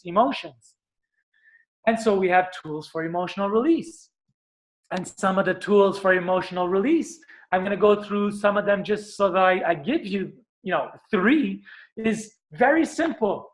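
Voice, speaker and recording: A man giving an earnest, animated motivational talk as a spiritual teacher, sometimes acting out what he describes. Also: high-pitched, a little slow. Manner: earnest, animated, acts out screams and stomps.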